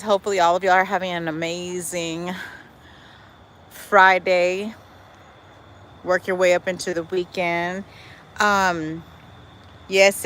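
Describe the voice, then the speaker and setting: A woman's voice: fairly low pitch, fairly bright tone, a little hiss or hum, poor audio. A middle-aged woman chatting casually to livestream viewers while walking through her backyard garden, sassy and talkative, calling them y'all and girl. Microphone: phone held while walking.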